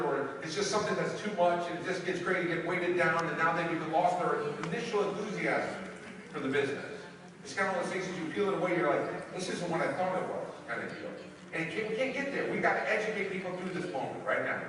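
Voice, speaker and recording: Energetic man coaching in an echoey hall. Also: high-pitched, recorded from a distance, slight background noise. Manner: energetic, acts out quoted dialogue, shouts for emphasis. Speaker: network marketing trainer. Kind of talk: motivational training talk.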